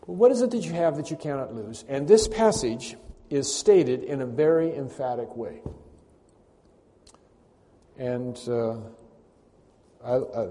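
A man's voice: mid-range voice, warm tone. A man preaching a sermon, emphatic and building to a raised voice at key points. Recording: long hall reverb.

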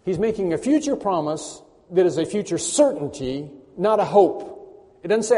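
A man's voice: high voice, expressive, moderate pace, mellow. A male pastor preaching a sermon, stressing and repeating key phrases with rising force. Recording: long hall reverb.

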